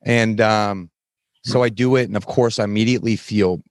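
A man as a podcast guest, telling his story candidly in plain, frank words with halting restarts. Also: fairly low pitch, steady tone, dry recording, clean studio sound. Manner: frank, plain-spoken, occasional swearing; halting, many fillers and restarts while recounting.

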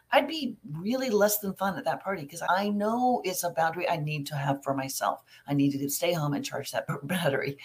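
Chatty low-voiced middle-aged woman. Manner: candid, chatty, answering viewer questions. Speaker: family recovery coach. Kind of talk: live Q&A advice talk.

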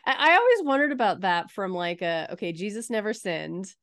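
A woman co-hosting a casual Bible study podcast, relaxed and questioning, often giving short agreeing replies. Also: medium pitch, fairly quick. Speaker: podcast co-host.

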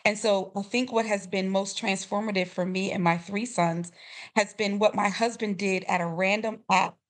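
A woman in her fifties, a grief coach, telling a personal family story with expressive swings and laughter. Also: moderate pace. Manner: expressive, rising to high emotional peaks with laughter. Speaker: grief coach, interview guest.

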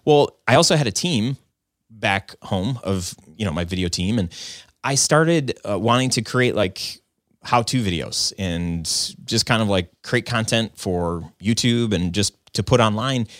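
Recorded dry at studio quality, this video business owner and podcaster has a fairly low, animated voice at a measured pace. He shares his story conversationally, rambling earnestly and reflecting on himself, with frequent "like" and "um."

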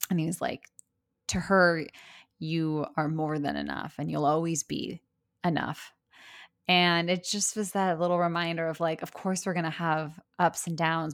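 A young woman speaks in a casual, reflective solo talk, earnest and chatty. Her voice sits slightly low for a woman, and she fills her sentences with "like" as she thinks aloud. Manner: chatty, earnest, many "like" fillers. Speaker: podcast host and business owner.

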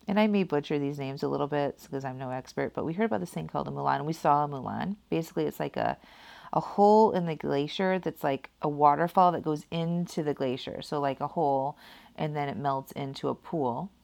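Woman, low voice, gravelly fry, casual rambling storytelling, laughs at herself. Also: darkish tone. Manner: rambling, heavy use of "like" and "kinda".

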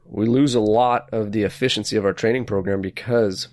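A man hosting an interview, asking his questions in a measured, explanatory way. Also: on the low side, fairly even intonation, darkish tone, no echo, studio quality. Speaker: host, horse trainer. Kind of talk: interview host.

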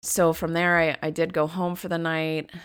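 Podcast host, female, low pitch, smooth clear tone, candid confessional storyteller. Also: normal speed. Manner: candid, confessional, gets animated retelling moments. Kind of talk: personal storytelling.

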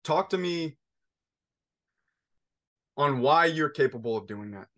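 A man's voice: fairly high pitch, lively intonation, slow, fairly bright tone. A podcast host in his thirties, a father, telling a long family story in a casual interview, full of restarts and fillers. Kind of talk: conversational interview.

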